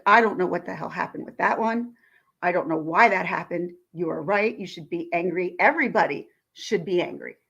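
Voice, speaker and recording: A woman vlogger, indignantly retelling a phone call in a ranting commentary. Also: mid-range voice.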